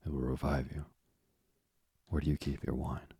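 A man reading the part of an earnest young male sailor, a devoted son, in a soft, slow voice. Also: rumbling low, flat delivery, slightly rough, no room sound, clean studio sound, full character voice.

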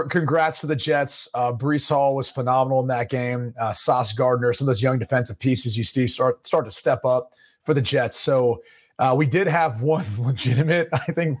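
A man co-hosting a sports podcast in casual chat, relaxed and joking, sometimes slipping into mock voices. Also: mid-range voice. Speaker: podcast co-host.

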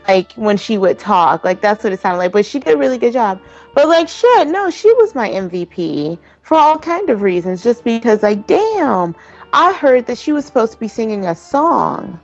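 A woman co-hosting a casual podcast chat, animated and profane, with a constant "like" in her talk. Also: a little high, moderate pace, highs cut off, faint music behind. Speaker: podcast co-host.

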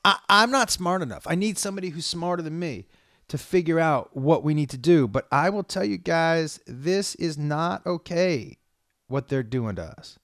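A man's voice: on the high side, lively intonation, moderate pace, a bit bright, no echo, clean studio sound. A man delivering an angry, profanity-heavy, stream-of-consciousness rant to his viewers. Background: faint music playing.

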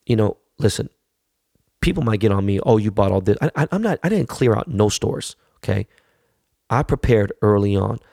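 Gravelly low-voiced man, swearing rant. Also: animated, normal speed, darkish tone, no echo, studio quality. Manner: blunt, heavy swearing, repeats words when worked up. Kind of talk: profane casual rant.

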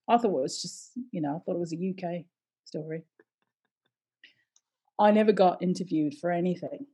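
A middle-aged woman from the United States, a stage performer chatting as an interview guest, telling lively stories with laughter and the odd swear word. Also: lowish voice, moderate pace, long pauses, slightly rough. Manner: animated storyteller, swears, laughs often. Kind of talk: casual interview chat.

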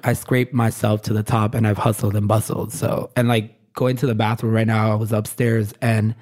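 A man's voice: on the low side, little pitch movement, normal speed, darkish tone. Candid Brooklyn man, chatty and rambling. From Brooklyn, New York. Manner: candid, rambling, many "like" fillers; gets emotional, laughs often. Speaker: fashion designer guest. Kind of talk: casual interview chat.

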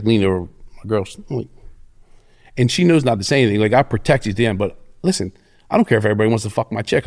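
A middle-aged man, telling stories as an interview guest in a profane, cocky way. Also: mid-range voice. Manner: profane, cocky, animated storyteller. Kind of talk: casual storytelling.

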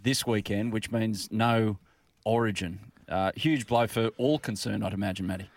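A man's voice: on the low side, normal speed, no room sound. A man co-hosting a radio show, asking questions and moving to news in casual chat. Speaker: radio host.

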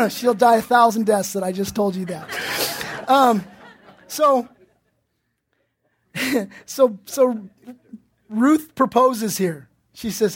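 A pastor delivers a sermon in a very high, husky voice, speaking slowly with long pauses. He is earnest and direct, putting pointed questions to his listeners and often restarting or repeating himself as he searches for words.

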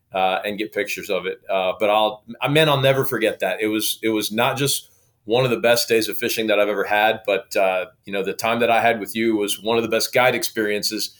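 A man from Oklahoma, a guest telling a story in a lively, casual way. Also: fairly low pitch, a little fast. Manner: lively, acts out quoted dialogue.

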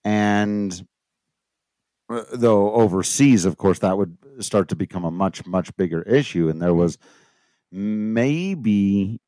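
A lower-voiced man co-hosting a podcast, chatting loosely and tossing in wry jokes. He works from his notes, and the recording is dry and close-miked. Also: takes it slowly, dark tone, no room sound. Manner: joking, wry asides, reads from notes. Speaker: podcast co-host. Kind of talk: casual chat.

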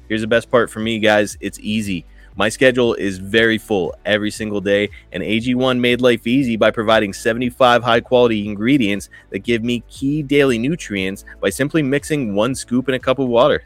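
A man's voice: fairly low pitch, no echo. A man in his thirties hosting a podcast, reading ads and chatting in an enthusiastic, informal way. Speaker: podcast host. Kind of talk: ad read and casual podcast chat.

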